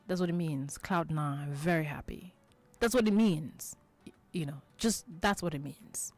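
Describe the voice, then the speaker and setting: A woman hosting a children's radio show, patiently explaining idioms, repeating each point and checking that listeners understand. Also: lowish voice. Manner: acts out example quotes in lively voices.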